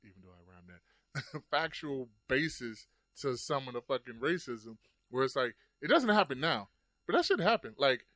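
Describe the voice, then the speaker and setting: A man's voice: mid-range voice, sing-song, moderate pace, fairly bright tone, no echo. Casual, profane man in his thirties. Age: 30s. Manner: loose, profane storytelling with many "like" fillers. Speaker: podcast host. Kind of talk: casual podcast chat.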